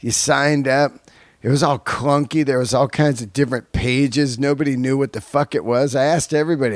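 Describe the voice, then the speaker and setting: A middle-aged man hosts his podcast in a loose, swearing style, often breaking into laughter. His voice sits at an ordinary pitch and is recorded close and dry, with no room sound. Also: normal speed, no room sound. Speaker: podcast host. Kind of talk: casual monologue and interview.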